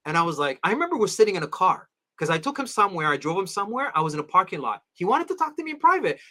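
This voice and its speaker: A man's voice: high voice, rapid-fire, hardly any pauses. A middle-aged man, an Orthodox priest, telling a personal story in an interview, acting out the people he quotes. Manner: animated storyteller, acts out quoted voices.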